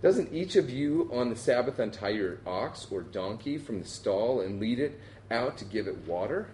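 A man reads a passage of scripture aloud with a dark, mellow voice and a pitch that rises and falls a lot. A faint hiss sits behind him. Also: lively intonation, normal speed, reverberant. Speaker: Bible reader. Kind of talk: scripture reading.

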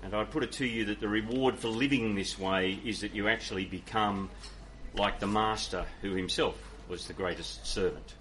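A man's voice: fairly low pitch, fairly even intonation, normal speed, fairly bright tone, slight background noise. A man from Ireland preaching a sermon and answering audience questions in an earnest, conversational way, with many fillers and restarts. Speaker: pastor.

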